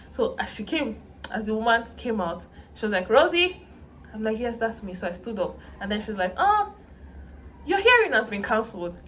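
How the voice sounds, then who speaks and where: A young woman, telling a story in a casual vlog in an animated, dramatic way and acting out the voices of the people she quotes. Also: medium pitch, slight background noise.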